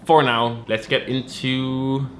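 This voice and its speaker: A man's voice: mid-range voice, little pitch movement, slow, roomy sound, slight background noise. A man in casual chat about fashion, rambling and repeating his words, now and then swearing offhand. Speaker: fashion YouTuber.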